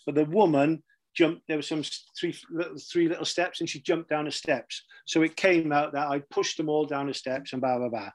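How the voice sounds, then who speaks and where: Steady in tone and fairly high in pitch, this middle-aged Welsh storyteller shares casual career anecdotes at a moderate pace. His chatty delivery is full of laughter and frequent "right?" check-ins.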